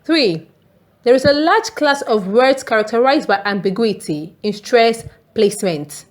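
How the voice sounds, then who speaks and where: A woman teacher reads a scripted lesson in a somewhat high voice. She moves at an unhurried, measured pace. Each word is enunciated carefully and deliberately. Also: lively intonation.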